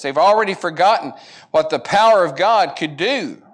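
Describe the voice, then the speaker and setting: A man's voice: high-pitched, expressive, moderate pace. Man, Bible class teacher; earnest, conversational, acts out quoted lines as he retells scripture. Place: church classroom.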